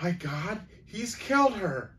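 A man doing a fierce, snarling old grandmother in a spoken story, her voice pitched high above his own and shrill with fury. It sounds a little distant, picked up from well off the microphone. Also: very animated, slow pace, fairly bright tone, exaggerated voice. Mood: alarmed. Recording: voice from far off the mic.

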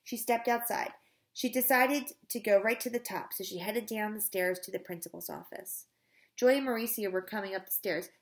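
A woman reading a children's book aloud, pausing now and then to explain words, with occasional slips and restarts. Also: medium pitch.

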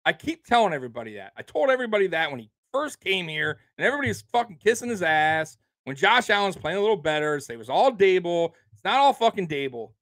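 A man's voice: high voice, big pitch swings, fast, few pauses, fairly bright tone, no echo. A man hosting a sports show, ranting in casual, heated, profane talk with bursts of incredulous laughter. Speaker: sports podcast host.

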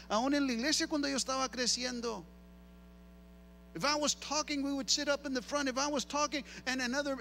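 A middle-aged pastor preaches with a very high, bright voice, moving freely between two languages. He drives his points home with repetition and lively emphasis, over a faint steady hum. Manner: animated, repeats himself for emphasis. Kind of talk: bilingual sermon.

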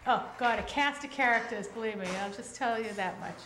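High-voiced excitable woman, echoey home video. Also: fairly quick. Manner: excitable, laughing, teasing. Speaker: birthday celebrant. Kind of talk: casual home-video chat. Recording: echoey room with background noise on home video.

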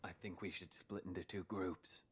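A hushed, cryptic young man. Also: low voice, fairly even intonation. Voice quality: hushed, breathy. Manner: slow, measured, formal. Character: mysterious poetic young man, calm and cryptic. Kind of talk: game cutscene acting. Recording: game score playing loudly underneath.

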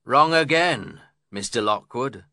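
A man voicing a harsh, scornful middle-aged landlord who speaks fiercely, coldly and slowly. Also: medium pitch, expressive, pushed and bright, no room sound, clean studio sound, full character voice. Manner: fierce, cold and slow.

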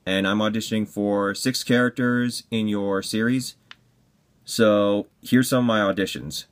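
A man at home casually talking through his voice-acting audition, relaxed and rambling, keeping quiet so as not to wake others. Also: fairly low pitch, a little slow, smooth. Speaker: voice actor auditioning. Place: home at night.

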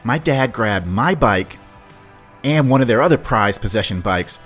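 A middle-aged man, hosting a podcast and telling a story from his childhood in a casual, animated way, swearing freely. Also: mid-range voice, measured pace. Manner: animated, swears, acts out quoted voices. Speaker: podcast host. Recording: faint music behind.

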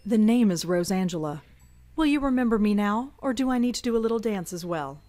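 A woman's voice: mid-range voice, animated, a little fast, mellow, no echo, natural voice. A woman voicing a wry, awkward young woman in a video game, dry and sarcastic. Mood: irritated.

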